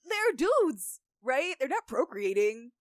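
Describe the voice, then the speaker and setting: A woman with a high voice and animated pitch reacts to a story with short interjections and laughs. Her sound is dry and close. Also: slow pace, dry recording. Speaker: podcast co-host. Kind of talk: casual podcast chat.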